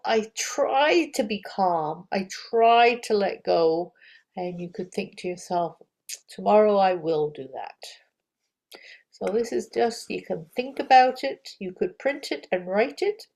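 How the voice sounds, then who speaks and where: A middle-aged woman teaching a gentle yoga lesson, talking softly and encouragingly and often dropping to a near-whisper. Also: mid-range voice, vocal fry, rough recording.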